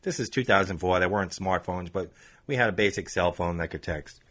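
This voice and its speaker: A man's voice: deep voice, fairly quick. A man from Long Island, New York, hosting a podcast, telling a road rage story in casual chat. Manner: animated, laughs often, acts out phone dialogue. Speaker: podcast host.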